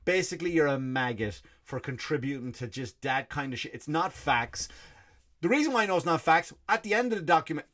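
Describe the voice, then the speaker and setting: A man's voice: on the high side, animated, brisk, a bit bright. A middle-aged Irish man, his accent partly Americanized, doing a blunt, profane comedy rant as a podcast host and often restarting his sentences. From Ireland. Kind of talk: ranting comedy monologue.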